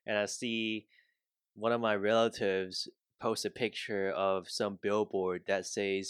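A man's voice: on the low side, level tone, a little slow, clean tone, no echo, clean studio sound. A man in casual chat, blunt and swearing, often laughing while he talks.

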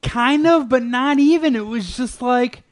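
A man's voice: very high voice, measured pace. A young man chatting casually with a friend, telling a rambling, profane story and laughing often. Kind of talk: casual chat.

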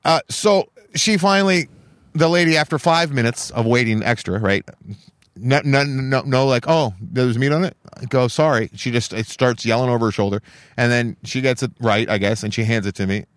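A man's voice: medium pitch, normal speed, dry recording. A man hosting a casual podcast, telling stories in an exasperated, swearing rant. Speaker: podcast host. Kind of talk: casual storytelling chat.

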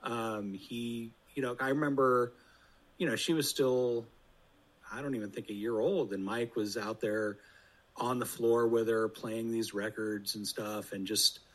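A man's voice: mid-range voice, steady tone, measured pace, rough recording. A man in his thirties chatting casually as a podcast guest, blunt and self-deprecating, swearing freely.

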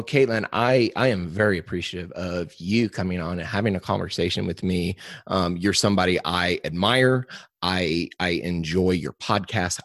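A man with a slight Southern accent hosts a podcast, speaking in a friendly, affirming way with small stammers. His voice sits very low, recorded dry and close. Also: gravelly, no room sound. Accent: slight Southern American. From Arkansas roots, lives in the American Midwest. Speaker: podcast host. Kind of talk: casual interview chat.

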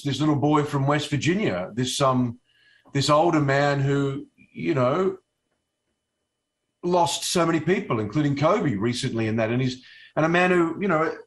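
A man from Australia with an Australian accent, a guest actor talking in a casual interview, halting with many fillers and restarts. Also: a little high, fairly bright tone.

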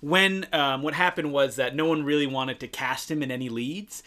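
Bright-voiced man on a film podcast. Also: on the high side, normal speed. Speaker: podcast co-host. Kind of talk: casual film discussion.

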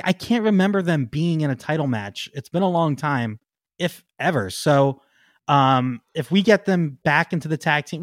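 A man co-hosting a podcast, talking in a slightly high voice that grows excitable and breaks into laughs. He trails off into ums as he searches for his next point. The sound is dry and close. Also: no room sound. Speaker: podcast co-host. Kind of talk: casual chat.

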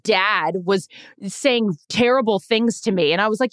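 A woman's voice: medium pitch, unhurried, smooth, dry recording, studio quality. A woman co-hosting a podcast, ranting passionately and swearing in casual chat. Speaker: podcast co-host.

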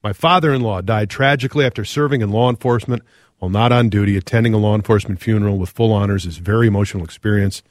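A middle-aged man hosting a radio talk show, reading listener texts aloud in an earnest, reflective way with frequent pauses. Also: lowish voice, dry recording, studio quality.

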